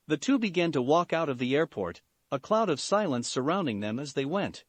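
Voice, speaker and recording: A man reading fan fiction aloud as narrator, in an expressive way. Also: a little high, normal speed, few pauses, no echo. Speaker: story reader.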